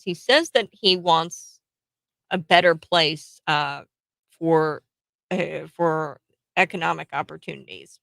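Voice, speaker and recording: A woman's voice: lowish voice, lively intonation, slow pace, creaky, fairly bright tone, no echo. A woman, hosting casual political commentary in a blunt, sarcastic way, laughing between points.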